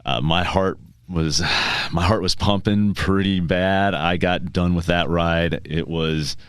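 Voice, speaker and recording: A man, a tax preparer guest on a podcast, chatting casually and telling stories, briefly acting out his clients in quick bits of dialogue. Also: low-pitched, fairly even intonation, fairly bright tone, clean tone, dry recording, clean studio sound.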